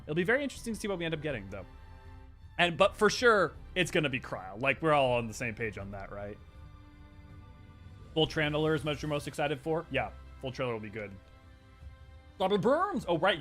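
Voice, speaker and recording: A young man hosting a casual livestream, rattling off viewer greetings and chatting excitedly. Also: fairly high pitch. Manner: greets chat viewers rapidly by name; animated, excited, with laughs. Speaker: livestream host.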